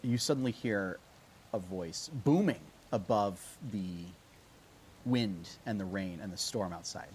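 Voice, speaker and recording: A man running a tabletop game at a slow, unhurried pace. His voice is fairly low and loose with fillers. Faint hiss sits behind the recording. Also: darkish tone. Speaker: game master.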